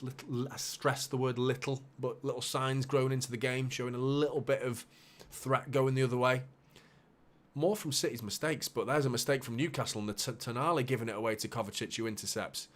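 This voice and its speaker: A man hosting a live football watchalong, calling the play with bursts of excitement and muttered asides. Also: mid-range voice. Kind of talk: live match commentary for a fan watchalong.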